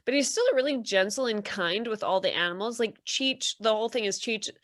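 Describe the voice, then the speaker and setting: A woman co-hosting a movie podcast, talking in a casual, chatty way. She reviews films with a wry, deadpan edge and slips in dry sarcastic asides. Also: mid-range voice, brisk. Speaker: podcast co-host.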